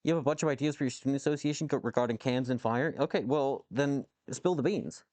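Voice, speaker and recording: A man's voice: mid-range voice, fast, a little mellow, no room sound. Rambling, cussing man live-streaming. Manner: rambling, swears, reacts to chat messages. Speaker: livestreamer answering chat while machining. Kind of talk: casual live-stream chat. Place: home workshop with a lathe.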